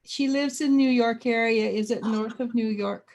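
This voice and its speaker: A woman giving psychic readings in a casual livestream chat, soft-spoken and direct. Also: on the high side, normal speed. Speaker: psychic reader.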